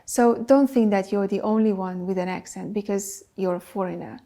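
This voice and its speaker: A woman who is not a native English speaker hosts a business advice talk to camera, producing videos for clients. She speaks emphatically and lists items in a steady rhythm. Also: medium pitch, moderate pace. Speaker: video producer and channel host.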